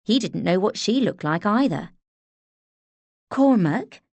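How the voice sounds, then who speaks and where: A woman narrating an audiobook in a measured, expressive storytelling manner. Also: mid-range voice, creaky, no echo. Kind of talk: scripted narration.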